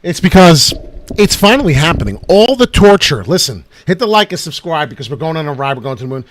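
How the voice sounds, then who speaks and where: A man's voice: on the high side, sing-song, brisk. A man hosting a casual livestream about crypto markets, boisterous and hyped, swearing freely and breaking into chants.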